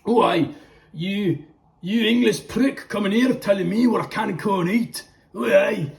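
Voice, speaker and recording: A man's voice: high voice, measured pace, vocal fry, voice pushed up. A man voicing an angry Scottish man scolding an English newcomer, in a put-on Scottish accent with mock outrage.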